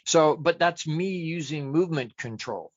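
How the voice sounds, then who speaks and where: A man coaching his listeners in a chatty, self-deprecating motivational talk, firing off rhetorical questions and answering them himself. His voice sits a little high for a man. The recording is dry with no room sound and a somewhat muffled, lo-fi tone. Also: unhurried, no echo. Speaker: life coach.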